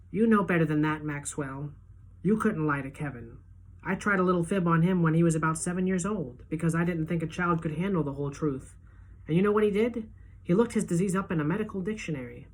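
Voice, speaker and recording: A woman teacher reading a novel aloud to her class, giving the dialogue lively pitch and loudness shifts. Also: fairly quick. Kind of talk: audiobook-style read-aloud.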